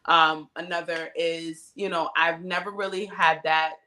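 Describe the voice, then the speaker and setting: A woman in her thirties hosts a podcast in a candid, chatty way and laughs often. Her voice is on the low side for a woman and sounds bright and forceful. She is recorded on a cell phone. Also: fairly even intonation, a little slow. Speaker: podcast co-host. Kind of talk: casual chat.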